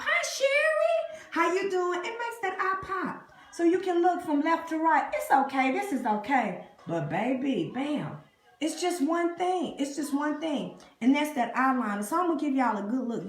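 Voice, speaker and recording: A woman talks her live viewers through a makeup tutorial, greeting them by name as she works. Her voice has a gravelly fry, and the phone mic picks up an echoey room. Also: sits high. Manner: chatty, greets live viewers, calls them y'all and honey. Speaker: beauty vlogger. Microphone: phone camera up close.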